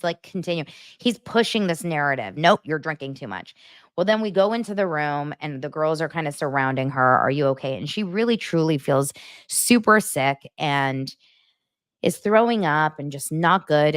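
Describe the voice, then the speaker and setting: A woman in her thirties hosts a casual podcast recap. She talks in a low, gossipy voice full of "like" and "you know". The sound is dry and close. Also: dry recording. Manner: chatty, gossipy, filler-heavy. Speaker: podcast host.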